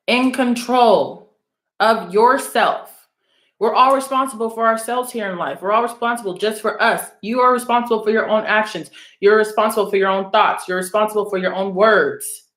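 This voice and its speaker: A woman's voice: medium pitch, a bit bright. Lady reader chatting to her viewers, swears a lot, calls folks out, echoey room. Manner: blunt, profane, teasing, calls out her audience. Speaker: spiritual reader addressing viewers. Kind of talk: casual rambling monologue to camera. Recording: roomy, echoey room sound.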